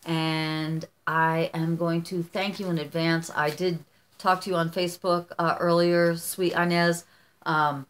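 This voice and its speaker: Opening fan mail for her viewers, this middle-aged U.S. vlogger talks in a warm, casual way, her voice sitting somewhat low for a woman. She gushes and wanders, often starting her sentences over partway through.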